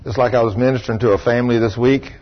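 Husky older preacher, animated sermon. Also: male voice, medium pitch, very fast. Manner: animated storytelling, acting out voices. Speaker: pastor. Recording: dull lo-fi recording.

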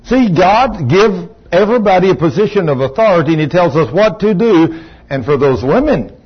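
A man's voice: high-pitched, sing-song, moderate pace, breathy edge. A pastor in his sixties preaching a sermon, telling folksy, joking stories about his marriage. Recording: dull lo-fi recording.

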